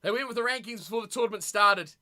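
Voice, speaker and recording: A woman's voice: medium pitch, quick pace, bright, forceful tone. A woman streamer chatting casually with her live chat, blunt and opinionated, often losing her train of thought.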